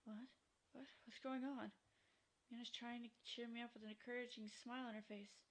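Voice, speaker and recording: A woman's voice: fairly high pitch, level tone, a little fast, lightly acted, poor audio. A woman voicing a young teenage boy in a visual novel fan dub, turning from accusing to remorseful. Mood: confused, hurt. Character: boy, young teen, bitter and anguished.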